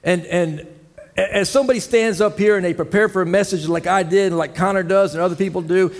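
A man's voice: high voice, quick pace. A man preaching a folksy sermon to his church, telling jokes and asking the congregation questions. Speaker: head elder preaching. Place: church sanctuary. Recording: long church hall reverb.

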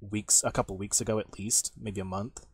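A man's voice: lowish voice, fairly even intonation, moderate pace, breathy edge. A man narrating as game master of a tabletop game, rambling with lots of fillers and restarts.

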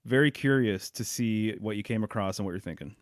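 A man's voice: on the low side, a little fast, no echo, clean studio sound. A man hosting a podcast in casual, agreeable conversation, full of fillers. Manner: relaxed, agreeable, uses lots of fillers. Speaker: podcast host.

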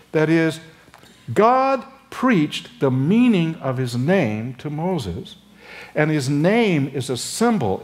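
An older man, a seminary professor, preaching an expository sermon with frequent pauses and fillers, his voice lifting for emphasis. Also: fairly high pitch. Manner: acts out dialogue between Moses and God.

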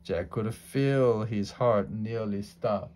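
A man reading a children's storybook aloud in a slow, deliberate way, with small slips. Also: lowish voice, darkish tone. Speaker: storybook reader.

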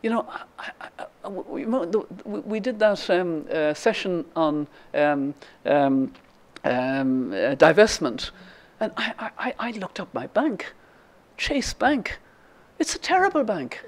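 An older woman voicing her kindly, funny woman friend who stammers in flustered outrage. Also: slow. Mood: indignant. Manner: stammering, high and excited.

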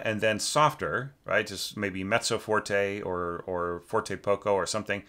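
A man's voice: lowish voice, unhurried, hardly any pauses, pushed and bright. A man teaching orchestration, giving a rambling, casual critique of a student's score, full of fillers and sung-out rhythms.

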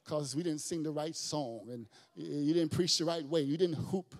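A male pastor preaching a sermon with big swings, from shouted lines down to quiet, near-whispered ones. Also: on the high side, normal speed, in a large hall.

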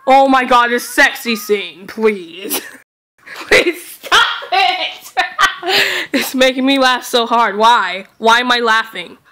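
A young woman reacting out loud to a video she is watching, excitable and giggly, talking back at the screen. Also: a little high, slight background noise. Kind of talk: casual reaction commentary.

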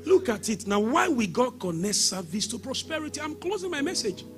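A man preaching a sermon as pastor, shouting exhortations and breaking into sing-song lines. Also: very high-pitched, very animated, a little fast.

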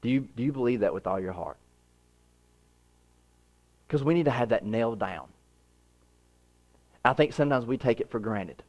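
A man in his thirties preaching a sermon as pastor, earnest, with repeated phrases, swinging from hushed to emphatic. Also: mid-range voice, animated, normal speed, long pauses.

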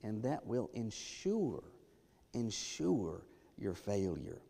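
A man preaching a sermon as pastor, emphatic, dropping to a hush and then rising loud. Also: on the low side, sing-song, slow, gravelly. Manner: emphatic, swings from hushed to loud. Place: church sanctuary. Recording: long church reverb.

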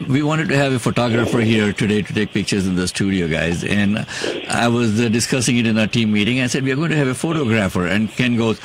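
A radio talk show host with a non-native English accent runs a political talk show, blunt, emphatic and opinionated. His voice sits on the low side and he talks fast, with slight background noise behind him.

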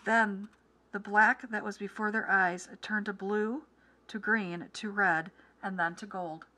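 A woman teacher reading a children's story aloud with clear, expressive delivery, then walking through comprehension questions. Her voice is bright and crisp. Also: mid-range voice, measured pace.

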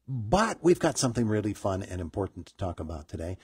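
A middle-aged man hosting a morning radio interview, talking in a halting way full of fillers and restarts. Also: lowish voice, very animated, a little mellow, breathy edge, dry recording, clean studio sound. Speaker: radio morning show host.

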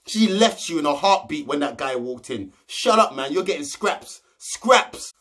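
A man's voice: fairly high pitch, expressive, measured pace, a bit bright. A young man giving a brash, slangy, swearing recap of a reality TV episode. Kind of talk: casual episode recap commentary.

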